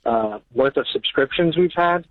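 A man's voice: mid-range voice, lively intonation, normal speed, no echo. A nervous man phones in to a radio advice show, his voice thin and tinny over the line. He speaks hesitantly, stumbling through fillers as he explains himself. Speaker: caller. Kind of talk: call-in question.

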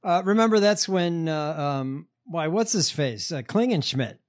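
A man's voice: on the high side, animated, unhurried. A man hosting a podcast in casual chat, laid-back and profane, with lots of fillers. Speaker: podcast host.

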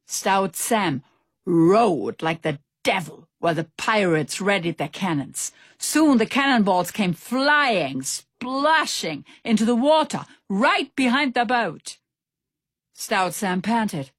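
A woman reading a children's storybook aloud with expressive, animated delivery. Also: medium pitch, takes it slowly, slightly rough, no echo, clean studio sound. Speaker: narrator.

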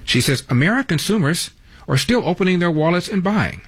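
A man's voice: high-pitched, lively intonation, brisk, slightly rough. A man hosting a talk radio show, delivering news headlines with wry, sardonic asides. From Los Angeles.

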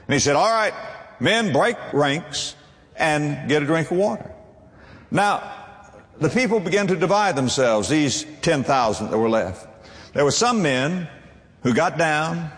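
A man preaching a sermon as pastor, emphatic, swinging between low and high. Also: big-room sound.

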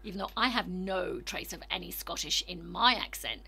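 Gravelly bright-voiced woman host. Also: lowish voice. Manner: chatty, laughs often, quick asides. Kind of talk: casual chat.

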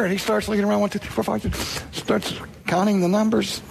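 A man's voice: sits high, fairly even intonation, moderate pace, vocal fry. A man preaching a sermon, telling a story dramatically and acting out the voices in it.

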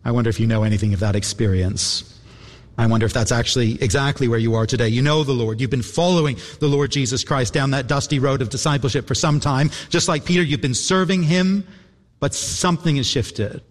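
A man preaching a sermon, earnest and reflective, repeating phrases and pausing for effect. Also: medium pitch. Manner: earnest, reflective, with repetitions and dramatic pauses. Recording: long hall reverb.

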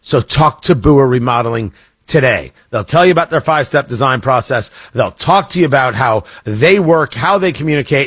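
A man hosting talk radio, reading an ad live and then commenting, in an energetic, emphatic and repetitive way. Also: medium pitch, moderate pace, slightly rough, dry recording.

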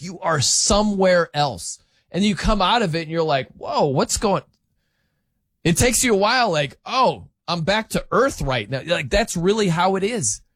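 A man's voice: high voice, fairly bright tone, no room sound, studio quality. A man hosting sports talk, giving opinionated, emphatic commentary that rambles with restarts.

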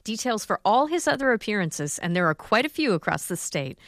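A woman hosting a public radio show, wrapping up an interview and reading out announcements in a measured, composed way. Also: medium pitch, sing-song, fairly bright tone.

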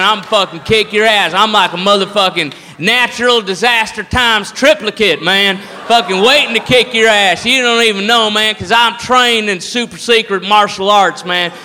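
A swaggering, drunk redneck brawler spits out bluster and threats, as a man puts him on on stage. The voice sits high and bright, sometimes shouting. A long hall reverb hangs behind him, with faint room noise. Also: exaggerated voice. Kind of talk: stand-up comedy bit.

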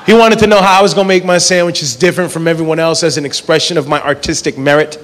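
A man's voice: on the high side, steady tone, fast talker, fairly bright tone, a little hiss or hum. A man performing a stand-up set in a comedy club, telling absurd stories in a laid-back way and acting out both sides of the dialogue. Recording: live venue with long reverb.

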